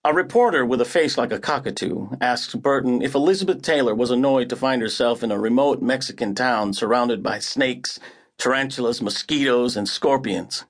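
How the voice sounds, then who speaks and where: A man's voice: medium pitch, normal speed. A man narrating an audiobook in the first person, with a wry, hard-boiled delivery.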